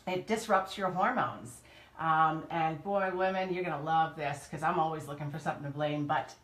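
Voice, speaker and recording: Female co-host, slightly low voice, chatty and teasing; echoey room. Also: moderate pace, fairly bright tone. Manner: teasing, chatty, laughs often. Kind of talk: casual chat.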